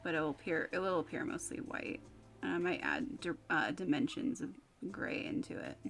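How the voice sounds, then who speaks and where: A woman livestreaming as she paints, chatting in a relaxed way and thinking aloud. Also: on the low side, moderate pace, gravelly. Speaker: livestreaming artist. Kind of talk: casual chat while painting. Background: faint music.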